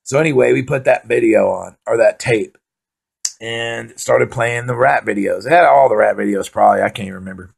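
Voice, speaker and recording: A man doing profane, rambling comic storytelling, excitably acting out his own panic. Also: medium pitch, moderate pace, vocal fry, breathy edge. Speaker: stand-up comedian.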